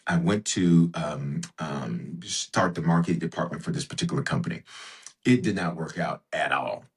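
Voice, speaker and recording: Man, bishop guest, deep voice, emphatic, repeats phrases, storytelling. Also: moderate pace. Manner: emphatic, repeats phrases, animated rises in pitch. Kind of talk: conversational storytelling.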